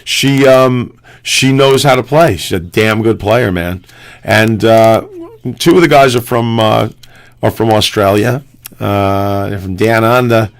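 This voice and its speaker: A man's voice: on the low side, measured pace, clean tone. A man co-hosting a live-streamed talk show, chatting casually in a loose, profane, rambling way full of restarts. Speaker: co-host. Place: home studio streaming live.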